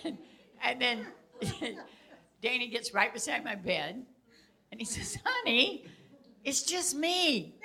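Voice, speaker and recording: An older woman teaches in a relaxed, casual style, sharing personal stories with lots of animation and frequent laughter. Her voice sits a little high.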